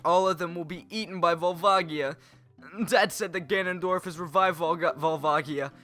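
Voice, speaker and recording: A man voicing an eager young male Goron rock-creature boy, reading game dialogue aloud in an excited, pleading, high and loud voice. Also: normal speed, soft background music.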